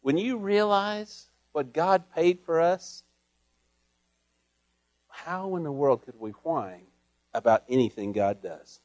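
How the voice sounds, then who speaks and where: A man preaching a sermon with a slightly raised voice. He speaks earnestly, stammers and repeats words, and swings from loud emphasis to hushed asides. The sound is close and dry. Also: on the high side, lively intonation, slow, long pauses, dry recording, muffled recording.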